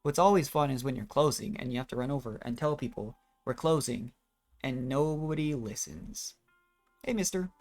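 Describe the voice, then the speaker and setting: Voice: mid-range voice, moderate pace, darkish tone, soft background music. A gamer giving casual, rambling commentary while playing, often trailing off and restarting thoughts. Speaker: let's play gamer.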